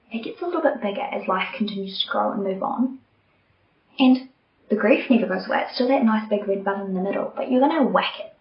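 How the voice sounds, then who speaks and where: Young woman podcast host, earnest and open, soft near-whispers at times; roomy, slightly muffled home recording. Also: mid-range voice. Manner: candid, earnest, softening to near-whispers at tender moments. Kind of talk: personal reflective monologue.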